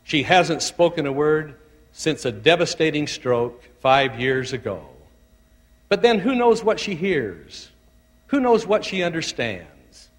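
Man, bishop, sermon, slightly high voice, slow and tender delivery, echoey hall. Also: very animated. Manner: measured, tender, deliberate. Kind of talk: sermon storytelling.

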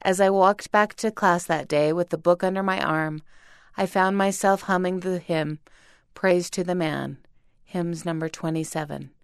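Female narrator, earnest steady story reading, lower pitch, dry booth sound. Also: measured pace, clear, resonant tone, no room sound. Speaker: reader. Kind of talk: scripted narration of a first-person story.

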